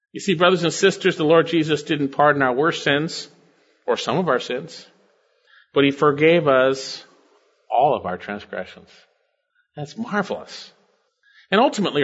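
A man's voice: on the high side, fairly bright tone, slightly rough, dull audio. An older man preaching a sermon, working through scripture verses and Greek word meanings with bursts of enthusiasm. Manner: expository preaching, quoting scripture and Greek words, with sudden swells of enthusiasm. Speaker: pastor.

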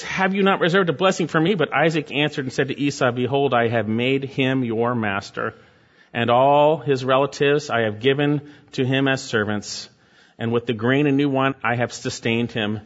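A man's voice: mid-range voice, fairly bright tone, highs cut off. A male pastor preaching a sermon, reading scripture and building to emphatic exhortations.

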